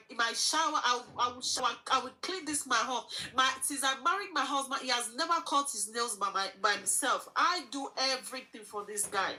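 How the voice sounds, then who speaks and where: A woman talks as an interview guest. Her voice sits high and sounds clear and bright. She speaks earnestly and haltingly, circling back over her own phrases. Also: slight background noise, low-quality recording. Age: 40s. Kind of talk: emotional personal testimony.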